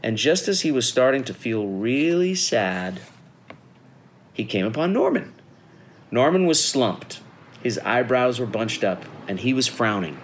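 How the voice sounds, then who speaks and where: A middle-aged man reading a children's picture book aloud in a friendly, animated storytelling manner. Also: medium pitch, a little slow, a little hiss or hum. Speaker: guest reader.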